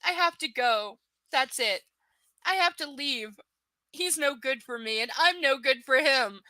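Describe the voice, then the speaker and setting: A woman's voice: high-pitched, animated, unhurried, pushed and bright, no room sound. A woman reading a novel aloud live and breaking off into sarcastic, profane rants about it. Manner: sarcastic, profane, exasperated asides. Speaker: live book reader. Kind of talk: live reading with ranting commentary.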